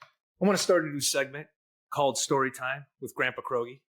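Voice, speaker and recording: A man's voice: mid-range voice, brisk, fairly bright tone. A middle-aged man with a Midwestern accent, co-hosting a casual podcast chat in a jokey, folksy storytelling way. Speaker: podcast co-host, lender.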